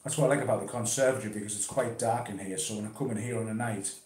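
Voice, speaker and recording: A man's voice: on the low side, fairly even intonation, racing, darkish tone. Laid-back man in an echoey room. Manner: chatty, laid-back, swears casually. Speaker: interviewee talking about pipe smoking. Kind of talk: casual chat. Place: conservatory at home.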